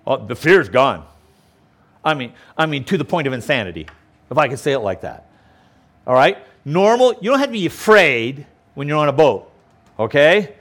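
Animated preaching man, higher voice. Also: normal speed. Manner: emphatic, keeps checking in with "okay?". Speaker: pastor. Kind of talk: sermon. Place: outdoors on a lakeshore.

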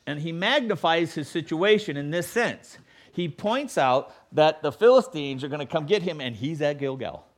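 Animated preacher man with lively pitch. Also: moderate pace. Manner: animated, acts out quoted voices with sarcasm. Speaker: pastor. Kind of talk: sermon.

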